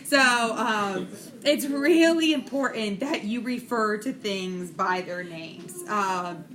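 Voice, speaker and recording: A woman's voice: mid-range voice, a bit bright, a little hiss or hum. A middle-aged woman giving a recorded lecture on child development as an instructor, talking frankly and chattily with many fillers.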